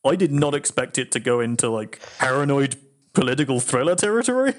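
A man explains the plot of a film to friends, hesitant and stumbling over his words. His voice sits in an ordinary middle pitch. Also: expressive, brisk. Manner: hesitant, stammers and restarts. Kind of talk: casual film discussion.

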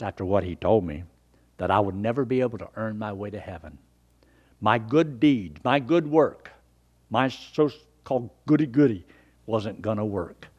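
Older male preacher, loud then hushed. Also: low-pitched, slightly rough. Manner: dramatic swings from loud emphasis to hushed near-whispers; earnest, folksy storytelling. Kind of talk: sermon with personal testimony.

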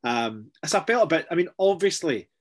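A middle-aged man, chatting casually as a podcast co-host, sardonic and full of quick asides. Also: a little high, big pitch swings. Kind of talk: casual chat.

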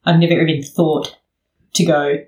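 A woman's voice: deep voice, level tone, moderate pace, darkish tone, roomy sound, rough recording. A woman in her thirties hosting a casual podcast chat, talking frankly and swearing freely. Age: 30s. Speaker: podcast host.

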